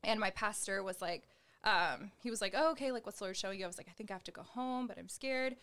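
A young woman tells her faith story to an interviewer in a loose, chatty way, with "like" in almost every phrase. She slips into the voices of the people she quotes and gestures as she talks. Her pitch sits in an ordinary middle range for a woman. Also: fast talker, sharp tone, clear, resonant tone. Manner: chatty, heavy use of "like", acts out quoted dialogue; gestures while talking. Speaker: guest sharing her testimony. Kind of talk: personal faith testimony in conversation.

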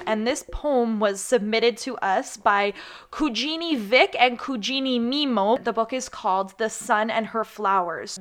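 A young woman hosting a podcast, chatting casually and closing out the episode with upbeat sign-offs. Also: on the high side. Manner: upbeat, reads a poem aloud slowly. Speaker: podcast host.

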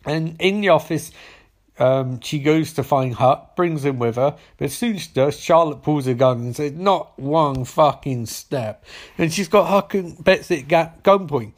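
A man's voice: fairly high pitch, expressive, normal speed. Sarcastic, swearing man recapping TV. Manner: sarcastic, profane, rambling. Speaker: TV episode recapper. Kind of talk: casual spoken recap.

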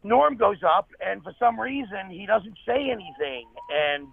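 A high-pitched man with a gravelly edge tells comedy stories with animated energy and quick asides. He sounds like he's on a tinny phone line, dry and close. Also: no echo. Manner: animated anecdotes, fast asides. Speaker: comedian guest. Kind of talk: storytelling interview.

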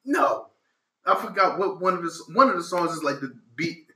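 Animated, bright-voiced man chatting. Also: high-pitched, moderate pace, roomy sound, rough recording. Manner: animated, profane, trails off and restarts. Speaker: podcast co-host. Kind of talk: casual chat.

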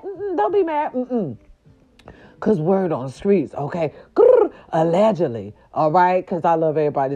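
A woman's voice: fairly low pitch, warm tone, highs cut off. A woman over forty-five giving a sassy, profane morning recap, growling and bleeping herself in fun. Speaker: vlogger. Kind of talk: casual morning recap monologue.

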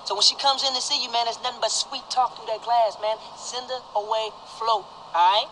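A brash, crude prison inmate. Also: male voice, extremely high pitch, steady tone, brisk, bright, forceful tone, slight background noise, low-quality recording. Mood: boastful. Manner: crude, swaggering, peppered with "man". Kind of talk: film dialogue.

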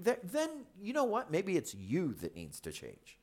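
A man's voice: high-pitched, wildly swooping pitch, unhurried, hardly any pauses. Blunt podcast pastor guy, repeats himself, hammers his points.

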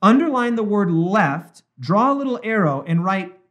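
A male pastor in an emphatic Bible study discussion who slows down to stress quoted words. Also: high voice, sing-song, a bit bright, highs cut off.

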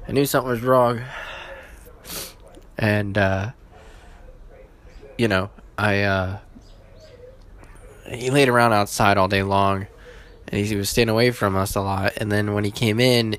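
A man hosting his own podcast, casual and halting, with many fillers and restarts, emotional and holding back tears. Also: fairly low pitch, slight background noise. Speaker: podcast host.

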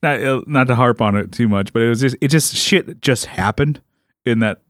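Animated man ranting in casual chat. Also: medium pitch, normal speed, slight background noise. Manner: animated, swears, acts out movie scenes. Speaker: podcast producer.

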